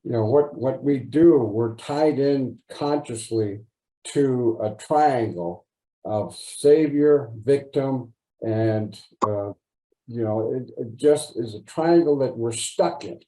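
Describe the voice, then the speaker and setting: A man speaking as a panelist, explaining his ideas slowly and thoughtfully. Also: mid-range voice, dark tone, roomy sound, low-quality recording. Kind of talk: reflective open discussion.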